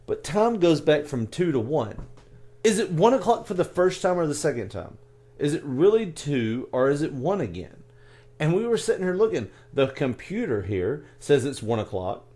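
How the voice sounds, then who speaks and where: Joking podcast co-host, fairly high voice, lots of bounce, laughs often, from the US. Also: male voice, warm tone. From United States. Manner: jokey, laughs often, quick asides. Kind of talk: casual chat.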